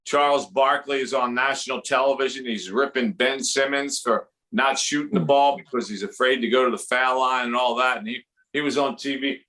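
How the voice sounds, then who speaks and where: Man, philadelphia accent, comedian, bright voice, rambling jokey set. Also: mid-range voice, fairly even intonation. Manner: rambling, jokey, quick impressions. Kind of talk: stand-up comedy at a fundraiser.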